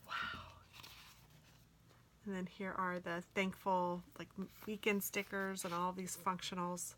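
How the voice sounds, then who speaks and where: A woman gushing excitedly as she unboxes planner stickers for her viewers, often dropping into soft whispers. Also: on the low side, measured pace, slight background noise. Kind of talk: casual unboxing chat.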